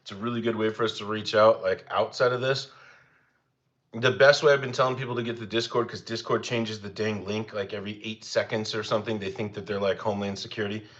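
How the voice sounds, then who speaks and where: A young man talks fast in a steady, slightly bright tone while hosting a casual cooking stream, chatting loosely with viewers. He's easygoing and rambly, and he talks to his dogs in a higher voice. The recording sounds slightly dull and lo-fi.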